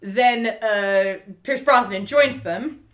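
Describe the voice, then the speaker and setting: A woman co-hosting a podcast, casually recapping an episode with lively storytelling, lots of fillers and the odd swear. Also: a little high, takes it slowly. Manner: animated storytelling, fillers and profanity. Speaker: podcast co-host.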